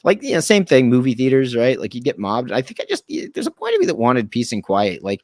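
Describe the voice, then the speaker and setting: A man's voice: mid-range voice, huge pitch swings, fast talker, no echo, clean studio sound. A man in his thirties from Canada, a guest actor telling rambling, self-deprecating stories in casual chat and acting out what others said. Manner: rambling self-deprecating storyteller who acts out quotes.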